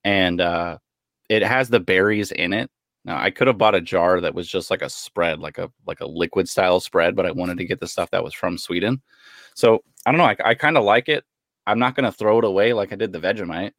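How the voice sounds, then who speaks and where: A man's voice: low-pitched, brisk, no room sound, studio quality. A man co-hosting a podcast, chatting casually and swearing freely while he tastes food on camera. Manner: profane, chatty, animated while eating. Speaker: podcast co-host.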